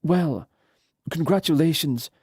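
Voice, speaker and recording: Brief: cool, clipped noblewoman, voiced by a man, slightly raised pitch, dry. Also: slow, darkish tone, husky, no echo, heavily acted. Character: proud, cold, scorned woman ruler. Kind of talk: audiobook character voice.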